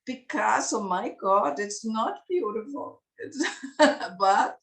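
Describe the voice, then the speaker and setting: A woman gives a slow, careful English lesson to beginners, repeating simple words and laughing between them. Her voice sits fairly high and is picked up from a little distance. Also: expressive, gravelly. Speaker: English teacher. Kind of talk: slow classroom explanation to beginners.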